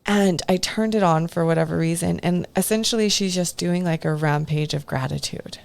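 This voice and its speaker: Low, gravelly-voiced woman telling her story. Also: normal speed. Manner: casual, candid, swears, acts out quotes from others. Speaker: podcast guest. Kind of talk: candid personal storytelling.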